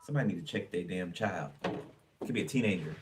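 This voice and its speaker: A man's voice: low-pitched, expressive, quick pace, far from the mic, heavy background noise. A man giving a casual tarot reading for viewers, chatty and blunt, swearing freely as he turns the cards. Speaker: tarot reader.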